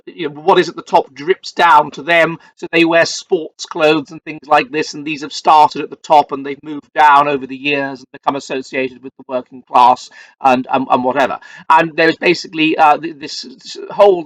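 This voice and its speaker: Rambling Englishman, higher voice, dry sound. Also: fairly bright tone, no room sound, rough recording. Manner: rambling, with frequent fillers and restarts. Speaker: host. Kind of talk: solo commentary livestream.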